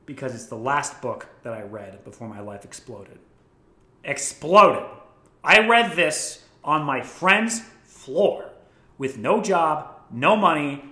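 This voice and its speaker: A man's voice: mid-range voice, big pitch swings, a little slow, pushed and bright. A young man casually recommending books, enthusiastic and swearing freely. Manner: profane, enthusiastic storytelling. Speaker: vlogger. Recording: echoey room.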